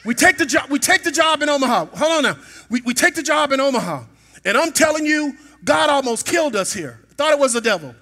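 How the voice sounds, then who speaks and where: High-pitched man, bright ringing tone, middle-aged pastor, storytelling sermon in a church. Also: animated, fast. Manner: storytelling, rising to shouts at peaks. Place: church sanctuary.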